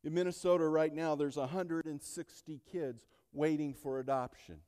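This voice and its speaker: Male pastor, slightly high voice, unhurried sermon delivery, long hall reverb. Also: fairly even intonation, smooth. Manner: builds from quiet storytelling to shouted climaxes.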